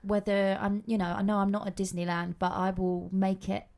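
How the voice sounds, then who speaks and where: A young woman co-hosting a podcast tells lively stories in casual chat, speaking at medium pitch and normal speed. She's an animated storyteller who acts out the quotes.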